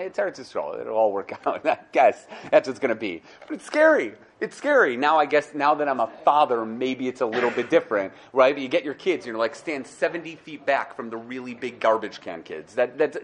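A young man giving a lively Torah class. He acts out the people he quotes and thinks out loud as he goes. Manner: animated, acts out quoted speakers with rising pitch; thinks aloud, repeats and restarts. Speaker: Torah teacher.

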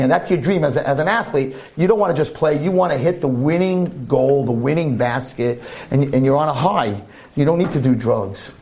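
A man's voice: a little high, darkish tone. A man giving a storytelling holiday sermon, humorous and preachy by turns. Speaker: speaker at a holiday talk.

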